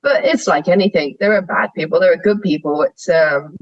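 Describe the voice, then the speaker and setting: A woman's voice: on the low side, a little fast, husky, no room sound, highs cut off. A young woman, a sheep shearer guesting on a podcast, talking frankly and animatedly, laughing often as she tells stories. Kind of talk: candid conversational interview.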